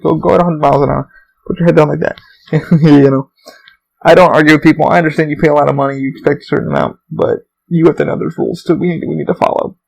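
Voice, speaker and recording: A man's voice: a little high, creaky, darkish tone, poor audio. A young man hosting a solo podcast, rambling through stories with lots of swearing and fillers, acting out other people in raised voices. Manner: profane, rambling storytelling with many fillers. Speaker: podcast host.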